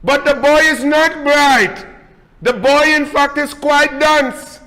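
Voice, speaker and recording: Trinidadian male political host, scornful and emphatic, bright high timbre with a long room echo. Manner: mocking, emphatic, scolding. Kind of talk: combative political monologue.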